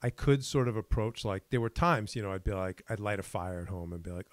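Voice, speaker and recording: A man with a lowish voice talks things over on a podcast. He works out his ideas as he goes, halting and restarting. The sound is dry and close to the mic. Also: no echo. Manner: thinking aloud, halting with restarts. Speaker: podcast host. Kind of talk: casual chat.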